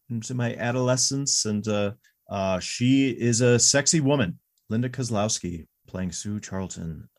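A man in his forties co-hosting a podcast, chatting candidly about an old movie and laughing easily. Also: mid-range voice. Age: 40s. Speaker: podcast co-host. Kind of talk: casual movie review chat.

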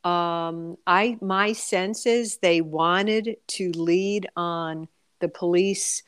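A woman's voice: on the low side, fairly even intonation, extremely slow, clean tone, dry recording, clean studio sound. A woman columnist speaking as a guest on a radio talk show, thoughtful and full of hesitations. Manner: hesitant, many fillers and restarts. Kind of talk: radio interview.

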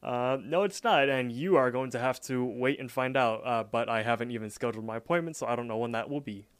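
Brief: mid-pitched man, podcast co-host, relaxed and chuckly, dry close mic. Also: fairly quick, clean tone, dry recording. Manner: laid-back, laughs easily, hesitant restarts. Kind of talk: casual chat and episode recap.

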